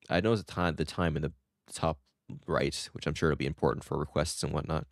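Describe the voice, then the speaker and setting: A man's voice: a bass voice, fairly even intonation, brisk, gravelly, dry recording. A man giving rambling, self-joking let's-play commentary into a close desk mic. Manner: rambling, joking, laughs at himself. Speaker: gameplay streamer.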